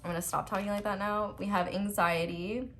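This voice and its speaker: A woman's voice: mid-range voice, steady tone, brisk, a bit bright, a little hiss or hum. Chatty young woman reading tarot. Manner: chatty, giggly, rambling asides. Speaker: tarot reader. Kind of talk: casual tarot card reading.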